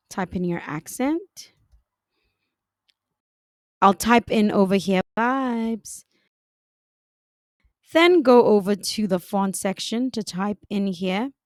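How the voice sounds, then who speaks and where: A woman giving a calm, step-by-step software design tutorial, talking through each click. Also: mid-range voice, no echo, studio quality. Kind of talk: screen-recorded software tutorial.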